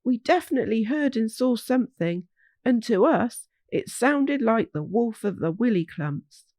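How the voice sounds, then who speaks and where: A woman voicing a group of young hog children in a storybook, calling out high, eager and breathless. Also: expressive, unhurried, darkish tone, no room sound. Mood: anxious.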